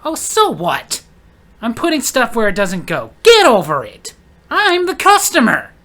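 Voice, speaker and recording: A man's voice: very high voice, huge pitch swings, a little slow, sharp tone, exaggerated voice. A man putting on the voice of a rude, entitled woman shopper who talks in a haughty, dismissive way. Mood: snippy.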